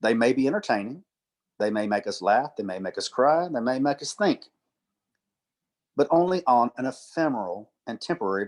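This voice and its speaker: A middle-aged man giving a church talk, telling stories, acting out quoted dialogue and reading poetry slowly. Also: on the low side, darkish tone. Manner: storytelling, acts out quotes, recites poetry slowly. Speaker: church speaker and literature teacher.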